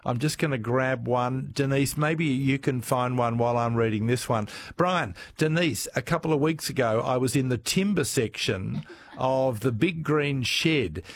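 A man's voice: mid-range voice, a little slow, no room sound. A man hosts a radio program in a chatty, upbeat manner. He moves easily between questions for his guest and listener messages read on air. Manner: chatty, upbeat, reads listener texts aloud. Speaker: radio host. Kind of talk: casual radio interview chat.

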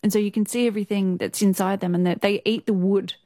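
A woman's voice: mid-range voice, fairly even intonation, fast talker, mellow, dry recording, studio quality. A young Australian woman telling stories as an interview guest, chatty and laughing often, full of "like" fillers. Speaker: interview guest, news presenter. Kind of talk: casual storytelling interview.

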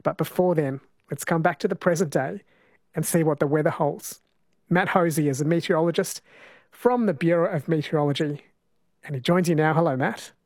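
A man hosting a radio show, musing aloud in a relaxed, easy way. His voice sits on the high side and sounds close and dry. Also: a little fast, dry recording. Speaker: radio host. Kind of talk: casual radio talk.

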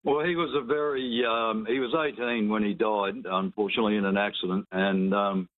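A man calling in to a radio show, talking in a relaxed, rambling way with fillers. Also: fairly low pitch, a little fast, no room sound. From New Zealand. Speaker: caller. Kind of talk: casual call-in chat. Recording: tinny phone line.

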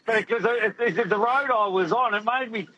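A man's voice: high-pitched, moderate pace, sharp tone, breathy edge, dry recording, low-quality recording. Joking man calling in. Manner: jokey, rhyming, laughs often. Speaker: caller. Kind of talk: casual radio quiz chat.

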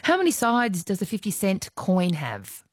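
Lively Australian woman hosting a radio quiz. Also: medium pitch, normal speed, no room sound. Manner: chatty, laughs often, teasing. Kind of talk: casual radio phone-in quiz.

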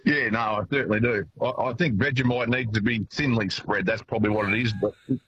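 A man with an Australian accent phoning in to a radio show while driving, halting and repeating his words between fillers. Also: mid-range voice, steady tone, a bit bright. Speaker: caller. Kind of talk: phone-in chat from a car. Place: driving in a car. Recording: dull phone line with faint noise.

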